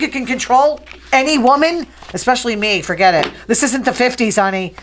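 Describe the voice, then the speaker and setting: A woman hosting a casual gossip show, talking fast, chatty and opinionated. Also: mid-range voice, a little hiss or hum. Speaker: host.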